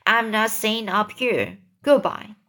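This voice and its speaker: A woman's voice: fairly high pitch, big pitch swings, slow, bright, forceful tone, heavily acted. A snappish storybook centipede who brushes off everyone's worries, read aloud by a woman. He speaks in short, curt bursts in a slightly raised voice. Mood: brusque. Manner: brusque and dismissive. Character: boastful, snappish male centipede.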